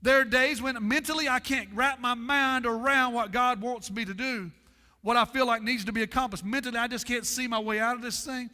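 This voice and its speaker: Male pastor, sermon, repetitive call-and-response cadence, bright ringing tone, reverberant sanctuary. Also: extremely high pitch, fairly even intonation. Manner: preaching with dramatic pauses and repetition. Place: church sanctuary.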